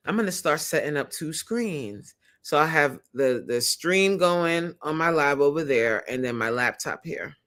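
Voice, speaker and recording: A woman with a low, slightly bright voice hosts a casual livestream as a creator coach. She's chatty, laughs often, and reads viewer comments out loud.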